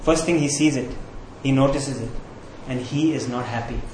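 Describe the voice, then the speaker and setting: A man's voice: mid-range voice, moderate pace, darkish tone, slight background noise. A man preaching a sermon as pastor in a conversational, earnest way, often checking in with the listeners. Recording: roomy echo.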